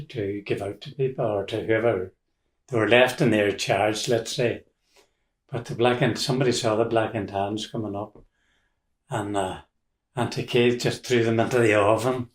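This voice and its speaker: An older man with a Donegal accent telling rambling family stories in casual talk, with restarts and chuckles. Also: lowish voice. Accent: Irish, Donegal. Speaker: interviewee. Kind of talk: casual storytelling. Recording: roomy echo.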